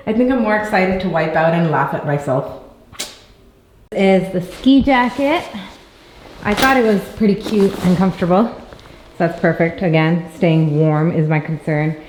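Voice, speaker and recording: A woman's voice: mid-range voice, a little mellow. Bubbly young woman vlogging at home. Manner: bubbly, giggly, chatty. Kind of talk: casual vlog chat. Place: family home, indoors.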